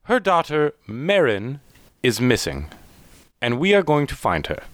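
Man putting on a firm official lady, higher pitched, formal. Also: huge pitch swings, a little slow, no room sound.

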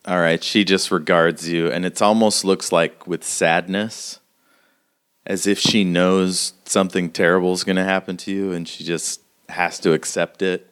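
A man's voice: low voice, little pitch movement, normal speed, fairly bright tone, smooth. A man narrating casually as game master of a tabletop role-playing game.

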